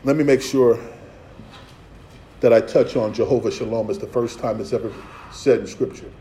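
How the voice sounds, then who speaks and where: A male pastor preaches in a loose, streetwise way, acting out voices and joking between verses. His voice is mellow and dark, and it rings in a roomy space with a faint hum behind it. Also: medium pitch, fairly even intonation, normal speed. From Philadelphia. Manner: streetwise preaching with playful asides and acted-out voices. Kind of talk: sermon.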